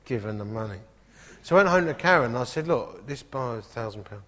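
A man, a pastor telling stories from the pulpit with comic asides and lively storytelling. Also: mid-range voice, fast. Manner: animated anecdotal, comic asides. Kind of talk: storytelling sermon. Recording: echoey hall.

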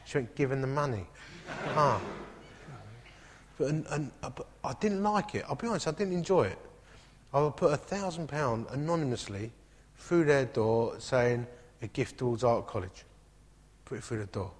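A man, a pastor telling stories from the pulpit with comic asides and lively storytelling. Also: medium pitch, normal speed, pauses often, slight background noise. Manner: animated anecdotal, comic asides. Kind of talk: storytelling sermon. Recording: echoey hall.

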